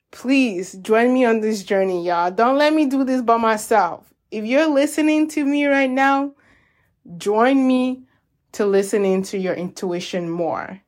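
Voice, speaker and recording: A woman hosting a self-help podcast, talking in a gentle, encouraging way and calling her listeners y'all. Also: on the high side. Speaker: podcast host. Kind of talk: reflective self-help talk.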